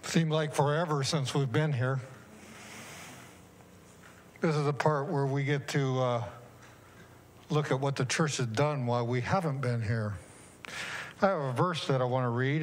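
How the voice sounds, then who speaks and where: A man speaks slowly in a church service, reading scripture and then introducing a video. His delivery is plain and unhurried. Faint ambient noise sits behind him. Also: medium pitch.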